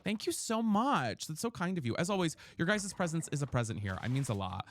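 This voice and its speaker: A woman chatting casually with viewers while streaming a game, playful and quick to thank people for gifts, just over an ear and respiratory infection. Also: low voice, big pitch swings. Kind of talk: casual live-stream chat while gaming.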